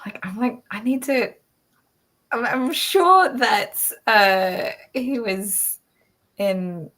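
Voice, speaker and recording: A woman with an Australian accent hosting a casual chat, talking in quick bursts full of fillers and restarts, laughing often. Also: a little high, animated, fairly bright tone. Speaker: podcast host.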